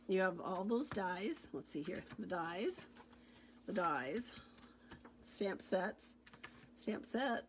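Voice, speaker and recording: A woman's voice: mid-range voice, a little mellow, a little hiss or hum. A woman demonstrating stamping supplies in a chatty, gushing show-and-tell, repeating her praise of each item. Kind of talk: casual product show-and-tell.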